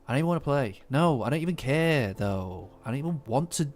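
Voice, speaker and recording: A man's voice: medium pitch, animated, brisk, hardly any pauses, soft background music. A man hosting a live stream, chatting casually and teasing his viewers. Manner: playful, bantering with chat.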